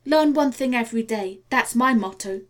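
A woman's voice: a little high, normal speed, lightly acted. A woman reading the part of an eager young man in love, speaking earnestly and with urgency. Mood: light.

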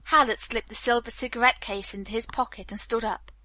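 A woman reads a novel aloud as narrator, with a steady storytelling delivery. Her voice is bright and sits a little high, and the recording is close and dry with no room sound. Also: a little fast, no room sound. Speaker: audiobook narrator. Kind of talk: scripted narration.

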